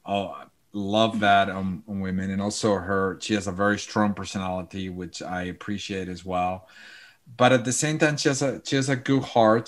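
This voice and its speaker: A man with a lowish voice appears as a podcast guest in a casual chat, sounding earnest and warm in what he says. He often repeats and restarts his phrases.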